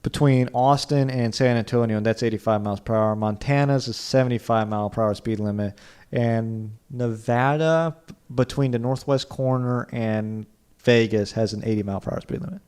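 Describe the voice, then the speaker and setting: A man's voice: medium pitch, fairly even intonation, moderate pace, darkish tone, clear, resonant tone. Rambling guy on a car podcast. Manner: rambling, lots of "like", puts on silly accents. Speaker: podcast co-host. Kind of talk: casual chat.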